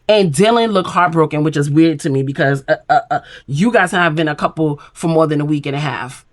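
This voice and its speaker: A woman's voice: sits low, a little fast, few pauses. A woman recapping a reality show in casual chat, blunt and opinionated, acting out what the cast said. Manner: blunt, sassy, opinionated, acts out quotes.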